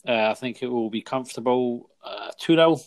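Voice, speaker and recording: A man's voice: mid-range voice, normal speed. A young Scottish man hosting a casual football podcast, jokey and chatty, leading the segments. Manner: jokey, chatty, laughs often. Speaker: podcast host.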